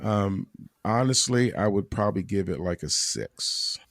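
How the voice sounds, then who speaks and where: A man talking casually as a guest on a panel discussion, halting often and repeating words as he looks for them. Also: fairly low pitch, expressive, a bit bright, no echo, studio quality.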